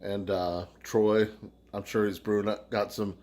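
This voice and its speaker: A man's voice: lowish voice, flat delivery, unhurried, darkish tone. A man with an American accent, hosting a casual beer review channel, rambling through thank-yous to his viewers with lots of fillers and swearing. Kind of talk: casual shout-outs to viewers.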